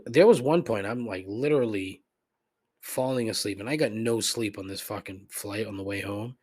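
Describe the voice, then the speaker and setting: A man's voice: fairly low pitch, normal speed, darkish tone, slightly rough. Profane middle-aged man griping. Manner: profane, rambling, griping, frequent laughs and asides. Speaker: podcast host. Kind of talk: casual comedic rant.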